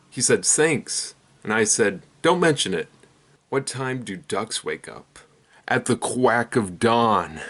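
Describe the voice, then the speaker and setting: A young man hosting his own channel, telling a rapid string of one-liners in a deadpan way. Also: on the low side. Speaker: comedy channel host. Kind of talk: rapid-fire joke telling.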